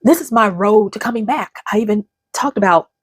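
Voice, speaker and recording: Speaking at a mid-range pitch and a little quickly, a woman in her fifties who hosts her own channel delivers a heartfelt personal pep talk to camera. Her tone is slightly rough and sometimes near tears, and there's no room sound.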